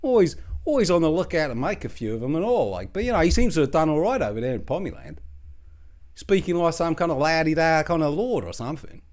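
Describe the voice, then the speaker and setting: A middle-aged Australian bloke, as a man puts him on rambles through crude, gossipy banter in a comic monologue. His Australian accent swoops up and down with lively pitch, sitting a little high for a man, full of swearing and mocking asides. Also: fast. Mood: rambling. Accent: Australian (put on). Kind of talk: comedic character monologue.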